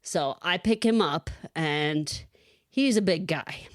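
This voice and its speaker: A woman co-hosting a podcast, telling a lively personal story in casual chat and laughing often. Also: low-pitched, takes it slowly, no room sound, clean studio sound. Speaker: podcast co-host.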